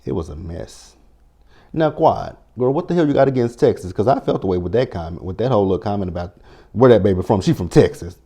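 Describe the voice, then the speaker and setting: A man's voice: fairly low pitch, lively intonation, fast talker, dark tone, slightly rough. A man recapping a reality TV show in a sassy, blunt, profane way, quoting his own reactions as he goes. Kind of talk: casual recap commentary.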